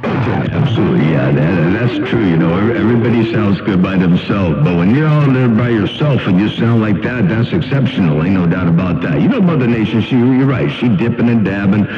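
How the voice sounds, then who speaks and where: Man, CB radio chatter, rambling and stammering, low voice, muffled lo-fi audio, loud music. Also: a little fast, few pauses, echoey room. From US West Coast. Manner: rambling, stammering, animated banter. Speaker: CB radio operator. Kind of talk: casual radio chat.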